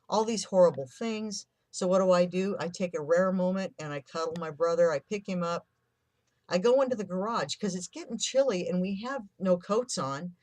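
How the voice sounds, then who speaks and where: A person in their fifties speaks at a middle pitch, recounting their own childhood in a raw, confessional way and slipping into the voices of the people they remember. The sound is close and dry. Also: dry recording. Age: 50s. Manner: candid and emotional, swears, acts out remembered quotes. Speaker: vlogger sharing a personal story. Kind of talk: personal storytelling.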